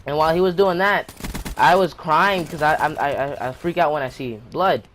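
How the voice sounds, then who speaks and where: A man's voice: on the high side, moderate pace, a bit bright, a little hiss or hum. A man hosting his own channel, telling a personal story time tale in a rambling, breathless way, often restarting his sentences. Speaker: channel host.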